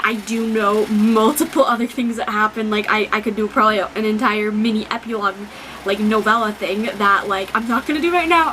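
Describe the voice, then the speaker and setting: Close to tears, a young woman who vlogs about books rambles through casual talk, using lots of fillers and swearing without restraint. Her voice sits a little high against a noisy background.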